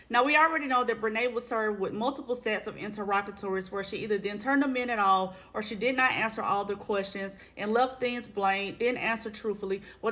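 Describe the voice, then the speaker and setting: A woman hosts drama commentary in a casual, conversational way, often sounding exasperated as she talks straight to her viewers. Her voice sits slightly high for a woman. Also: fairly bright tone. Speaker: commentary host.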